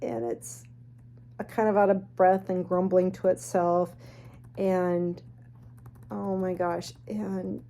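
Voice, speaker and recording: Woman, casual storyteller, mellow and warm, animated, snarky. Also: lowish voice, slow pace, long pauses, slight background noise. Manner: animated, chatty, snarky asides.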